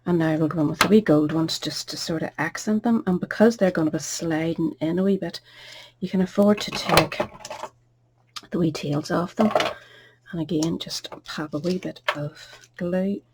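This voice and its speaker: Gravelly-voiced woman teaching crafts. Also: on the low side, moderate pace, background noise. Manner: chatty, homely, soft asides under her breath. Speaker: card-making tutor. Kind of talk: casual craft tutorial.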